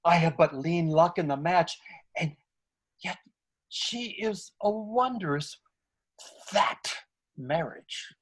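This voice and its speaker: A man's voice: fairly high pitch, slow pace, long pauses. An actor reading a frantic comic male servant in a live online Shakespeare scene, talking over a video call. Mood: mocking. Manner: excitable, wildly swooping delivery.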